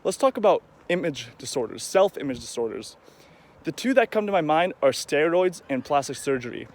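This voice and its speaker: A man's voice: fairly high pitch, very animated, a little fast. A man talking casually to the camera in a rambling, conversational vlog, now and then acting out the voices of people he quotes. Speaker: vlogger.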